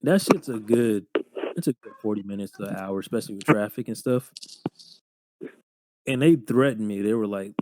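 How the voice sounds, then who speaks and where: A young man in his twenties, co-hosting a podcast, telling job stories in a casual, profane, animated way full of slang. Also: on the low side, moderate pace, pauses often. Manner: slangy, profane, animated retelling with lots of "bro". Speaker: podcast co-host. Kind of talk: casual storytelling chat.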